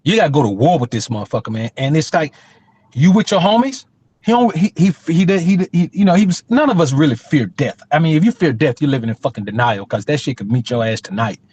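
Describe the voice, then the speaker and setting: A middle-aged man spinning a street story in a loose podcast chat, swearing freely and hammering his points home. His voice sits fairly high for a man. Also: expressive, fast, darkish tone, husky. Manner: profane, emphatic, streetwise storytelling. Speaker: podcast co-host.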